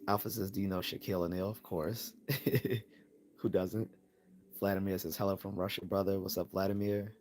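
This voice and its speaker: A man hosting a casual live-stream Q&A, reading chat messages aloud and answering them in a relaxed way, laughing often and repeating words as he starts, while losing his voice. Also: sits low, moderate pace, slight background noise.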